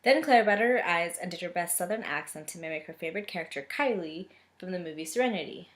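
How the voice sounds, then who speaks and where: A young woman with a fairly low voice reads a romance novel aloud at a quick pace with lively intonation, stopping for sarcastic asides. She's a book reader and reviewer mixing casual reading with commentary.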